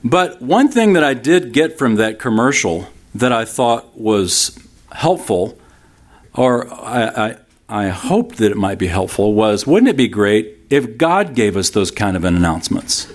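A man in his fifties preaching a sermon in a relaxed, conversational way, mixing humorous stories with scripture. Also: fairly low pitch, unhurried. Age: 50s. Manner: conversational, humorous storytelling with laughs from the congregation. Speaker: pastor.

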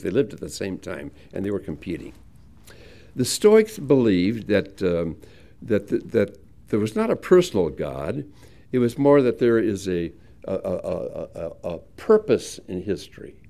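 A man's voice: fairly low pitch, mellow. A man preaching a Bible teaching sermon in a conversational, storytelling way, stressing points emphatically and often restarting phrases.

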